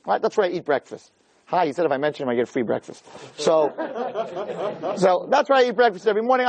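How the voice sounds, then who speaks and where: A middle-aged man giving a jokey, animated storytelling talk as a rabbi, peppering it with "right?". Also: high voice, dull audio, slight background noise. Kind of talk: storytelling lecture.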